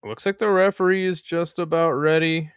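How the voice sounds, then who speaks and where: A man's voice: fairly high pitch, fairly even intonation, moderate pace, smooth, no echo. A young man hosting a live stream, giving casual play-by-play in a laid-back, slangy way and chatting with viewers.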